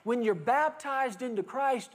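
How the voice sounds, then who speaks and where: A male pastor preaches to his congregation in a conversational, storytelling style. He leans into playful anecdotes, acting out little exchanges between characters. His pitch rises and falls freely as he works the room. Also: measured pace. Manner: animated storytelling preacher, acting out dialogue with laughter. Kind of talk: sermon.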